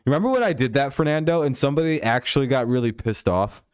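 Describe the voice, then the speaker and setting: A man's voice: mid-range voice, expressive, fast talker, smooth, dry recording, clean studio sound. A man hosting a live stream, casually chatting with viewers while commenting on a football game, rambling, laughing often and swearing freely.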